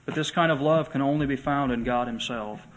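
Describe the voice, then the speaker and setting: A male pastor preaching a sermon to his church, earnest, slowing and swelling when he reads scripture aloud. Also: medium pitch, a little hiss or hum, rough recording. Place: church sanctuary.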